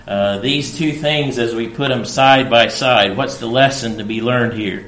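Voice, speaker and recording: A man preaching an expository sermon, teaching slowly and deliberately with frequent fillers and emphatic quoted lines. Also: mid-range voice, a bit bright. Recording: echoey room.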